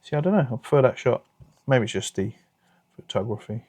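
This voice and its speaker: This is the UK-based card collecting channel host again, a British-accented man casually opening cards while talking and murmuring to himself. His mid-range voice is expressive and brisk, darkish with a breathy edge, recorded with no room sound.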